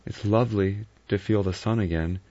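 A man's voice: moderate pace, mellow, natural voice. A man voicing a frightened but obstinate young Englishwoman in a raised, strained voice. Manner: high, strained feminine voice put on. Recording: dull lo-fi recording.

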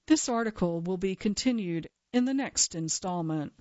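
A woman reading a magazine story aloud for a reading service in a plain, measured way. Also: mid-range voice, no echo. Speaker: volunteer reader for a reading service. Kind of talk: scripted narration of a magazine story. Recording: dull dry broadcast recording.

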